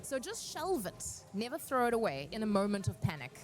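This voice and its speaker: A woman speaking on a cosplay panel, giving earnest, encouraging advice and telling stories in an animated way. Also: medium pitch, a little fast.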